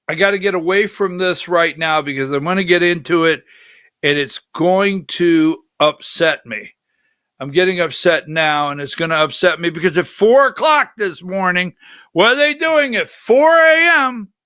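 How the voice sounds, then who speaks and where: A man hosting a political talk show, giving heated, indignant commentary with slow, emphatic delivery. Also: high voice, bright, forceful tone, no echo, clean studio sound.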